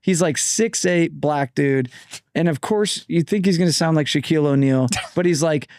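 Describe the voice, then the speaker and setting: A man in his thirties, a podcast guest, telling animated stories with laughs, swearing and casual slang. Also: a little high, moderate pace, no echo, studio quality. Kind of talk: animated storytelling.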